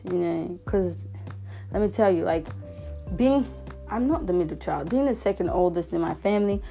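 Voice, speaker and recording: A woman's voice: mid-range voice, dark tone. A 22-year-old woman, hosting a podcast in a casual monologue, talking in a self-mockingly dramatic way and laughing often. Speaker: podcast host.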